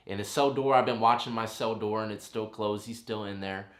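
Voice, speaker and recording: A man in his thirties casually telling a long story, rambling and animated, full of "you know what I mean". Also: fairly low pitch, fairly quick. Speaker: vlogger telling a prison story. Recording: roomy echo.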